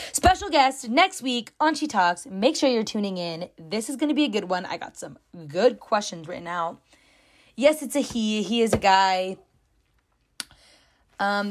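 A young woman hosting her own podcast, talking to listeners in a gushing, chatty way and filling her sentences with "like". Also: medium pitch. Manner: gushing and chatty, heavy use of "like". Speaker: podcast host. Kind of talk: casual solo podcast chat.

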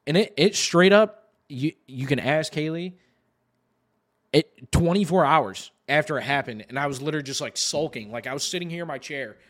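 Rambling, cursing podcast host, fairly high voice. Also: male voice, moderate pace. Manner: rambling and heavy on profanity, with lots of "like" fillers; animated, re-enacts others in quoted asides. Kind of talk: casual podcast storytelling.

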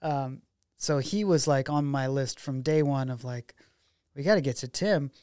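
A man's voice: mid-range voice, normal speed, smooth, no room sound, studio quality. A man, a documentary filmmaker guest, chatting casually in an interview and acting out the dialogue in his stories. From Oregon. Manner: animated storyteller who acts out quoted dialogue.

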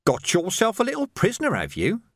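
A man voicing a cruel, sly sergeant who speaks with mocking, slow menace. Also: high-pitched, wildly swooping pitch, no echo, clean studio sound, voice pushed up, exaggerated voice. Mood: menacing.

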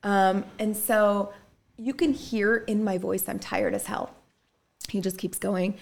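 A woman chatting casually, telling her story with blunt, animated energy. She swears freely and acts out what others said, her voice sitting at a mid pitch. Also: takes it slowly, vocal fry. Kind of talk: casual chat.

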